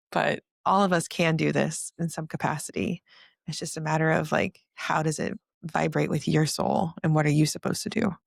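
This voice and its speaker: A woman with a gravelly, creaky voice talks through her own story as a podcast guest. She speaks earnestly, one thought tumbling into the next. The sound is close and dry, with no room around it. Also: low-pitched, fairly even intonation, moderate pace, dry recording. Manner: earnest, tumbling, emotional retelling. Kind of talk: personal storytelling in a casual interview.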